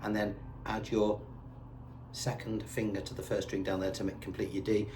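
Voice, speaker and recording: A man's voice: lowish voice, little pitch movement, normal speed. A man giving a patient, step-by-step guitar lesson and counting the beats aloud. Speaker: guitar teacher. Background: his own guitar playing.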